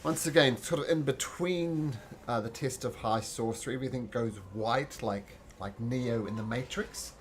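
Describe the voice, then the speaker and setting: A man narrating as game master in a tabletop game, relaxed and full of fillers. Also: mid-range voice, moderate pace, hardly any pauses, a little hiss or hum.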